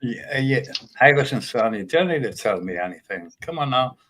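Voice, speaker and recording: A man's voice: medium pitch, lively intonation, moderate pace, a bit bright. A man, arguing casually on a livestream and brushing people off dismissively. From North East England. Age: 60s. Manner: dismissive, keeps saying "come on, son".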